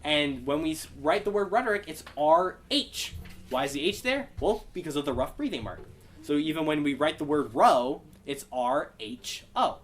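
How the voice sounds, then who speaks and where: Young guy teaching greek in a relaxed chatty way, voice sits a bit high, keeps asking the class for questions. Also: moderate pace. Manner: relaxed, explanatory, takes student questions. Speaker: Bible study Greek teacher.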